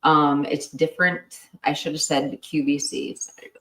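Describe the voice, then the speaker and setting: A woman's voice: deep voice, steady tone, fairly bright tone. A woman co-hosting a true crime livestream, talking in a chatty way, laughing often and saying "like" a lot. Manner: chatty, quick to laugh, lots of "like". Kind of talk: casual livestream chat. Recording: roomy sound from a distance.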